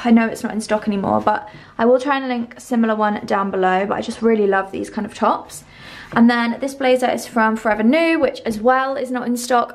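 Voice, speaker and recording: A woman, chatting enthusiastically as she tours a hotel room and shows her outfit. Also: on the high side. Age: 20s. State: a little out of breath. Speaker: lifestyle vlogger. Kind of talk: casual vlog tour and outfit chat.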